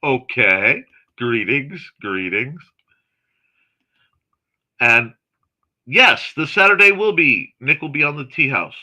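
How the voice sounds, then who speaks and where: Bright, lively-voiced male stream host. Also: medium pitch. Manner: chatty and excitable, quick asides and snarky jokes. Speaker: host of a morning livestream chat show. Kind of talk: casual livestream chat, reading viewer comments aloud.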